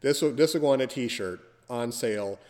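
A man's voice: medium pitch, normal speed, darkish tone, in a large hall, a little hiss or hum. A man hosting a casual podcast, teasing his guest in a playful, theatrical way. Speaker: podcast host.

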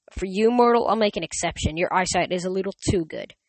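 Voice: medium pitch, quick pace, no room sound, lightly acted, low-quality recording. A reader voicing a hungry, snappish young female demon trainee who growls and snaps her words, in a dry recording. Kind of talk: audiobook reading.

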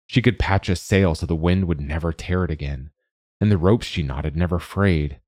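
A man reading a story aloud in a measured, even narration. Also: low voice, no room sound, studio quality.

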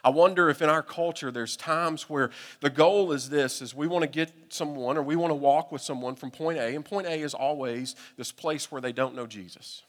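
A man with a Southern US accent, a pastor telling a humorous, animated story during a sermon. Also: a little high, moderate pace, few pauses. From United States. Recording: long reverb from a hall.

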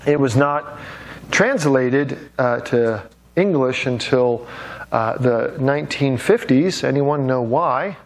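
A man lecturing a live class, his voice carrying a gravelly fry. He keeps the talk loose with jokes, fillers and restarts. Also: medium pitch, takes it slowly, slight background noise.

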